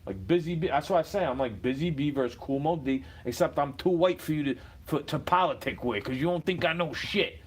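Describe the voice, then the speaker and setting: A man with a slightly high-pitched voice rants straight at the camera. He is combative and profane, dropping to low mutters before building into shouted outbursts. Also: brisk, few pauses, breathy edge. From United States. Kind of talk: profane ranting monologue.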